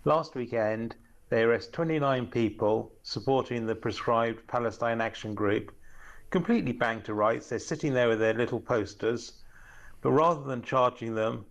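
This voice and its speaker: A man's voice: mid-range voice, normal speed. A man from Norfolk ranting angrily in a recorded voice note to a radio phone-in. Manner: angry, ranting. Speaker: caller.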